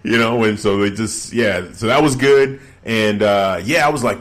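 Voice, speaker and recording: Low-voiced man in rambling wrestling chat. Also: normal speed, few pauses. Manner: relaxed, rambling with many fillers. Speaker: podcast co-host.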